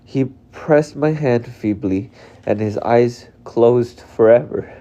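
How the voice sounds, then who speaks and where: A man reading a novel aloud live, unhurried and reflective, and openly emotional between passages. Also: mid-range voice, warm tone. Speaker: reader. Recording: dull lo-fi recording.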